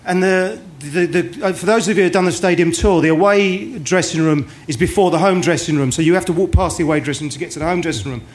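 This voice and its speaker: A man's voice: sits high, quick pace, few pauses. A middle-aged man telling an anecdote on a live podcast, hesitant and full of fillers. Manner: storytelling with many hesitations.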